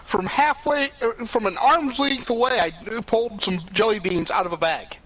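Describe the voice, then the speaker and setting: A male co-host with a high, bright voice drops relaxed, offhand remarks into a casual stream chat. He sounds easygoing and conversational. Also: normal speed, low-quality recording.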